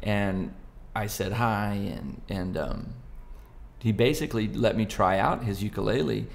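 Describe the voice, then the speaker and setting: A man's voice: fairly low pitch, unhurried, creaky. A man in his forties from Southern California, a guest musician and comedian, chatting playfully and rambling through his stories. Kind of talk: casual interview chat.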